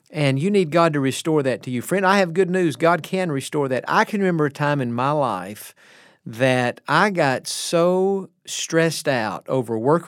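A man's voice: a little high, no echo, clean studio sound. A middle-aged male pastor giving an earnest, encouraging devotional message with personal stories.

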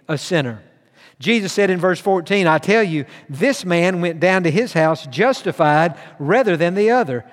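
A man with a high, ringing voice preaches a sermon, reading scripture and pressing his points with earnest emphasis. His voice trails off into a long reverb, as in a big hall. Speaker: pastor.

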